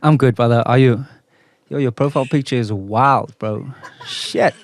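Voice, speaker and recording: A man's voice: medium pitch, moderate pace. A man from South Africa co-hosting a casual podcast, telling stories and laughing often. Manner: storytelling, laughing often, says bro a lot. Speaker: podcast co-host. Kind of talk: casual chat. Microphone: studio mic.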